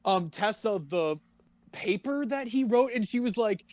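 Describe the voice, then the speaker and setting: A man's voice: high voice, expressive, unhurried, no echo. A young man co-hosting a podcast, chatting casually with sarcastic jokes and frequent laughs. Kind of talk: casual chat.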